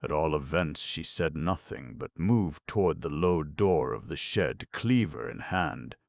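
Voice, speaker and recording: A man reads a story aloud in a measured, even way. His voice is extremely deep with a gravelly fry. The sound is dry and close to the mic. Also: dry recording. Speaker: audiobook narrator. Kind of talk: audiobook narration.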